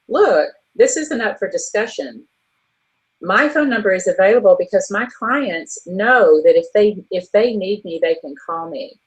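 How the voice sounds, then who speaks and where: A woman with a husky, lowish voice co-hosts an online business show, frankly recounting a story about a difficult contact in a chatty, exasperated monologue. The audio quality is poor.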